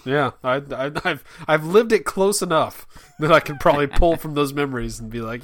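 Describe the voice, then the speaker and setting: A man in his thirties co-hosting a casual podcast, self-mocking and playful. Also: a little high. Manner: playful, self-mocking, puts on quick voices. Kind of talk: casual chat.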